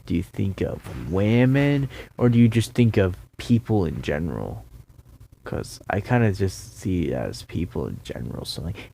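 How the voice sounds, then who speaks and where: A man's voice: low voice, expressive, normal speed, creaky, mellow. A tired man rambling through a sarcastic solo video rant, yawning and losing his train of thought. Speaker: YouTuber.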